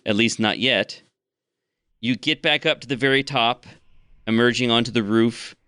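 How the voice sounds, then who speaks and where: A man narrates a tabletop role-playing game as its game master. His voice is bright and smooth, and he lays out each scene in a calm, even way. The sound is dry and close. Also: medium pitch, no echo.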